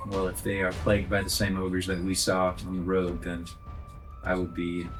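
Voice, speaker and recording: A man's voice: low-pitched, completely flat delivery, moderate pace, music in the background. A man playing in a tabletop role-play game who speaks in character with commanding theatrics. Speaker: player.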